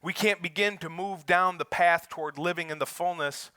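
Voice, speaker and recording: An American man preaching as a pastor, moving from easy joking talk with the congregation to loud, emphatic sermon delivery. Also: sits high, normal speed, clear, resonant tone, no echo. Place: church sanctuary.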